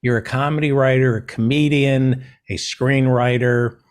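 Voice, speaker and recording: A man hosting a casual talk show, joking in a dry, self-deprecating, deadpan way. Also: medium pitch, unhurried, smooth. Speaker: podcast host. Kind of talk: casual chat.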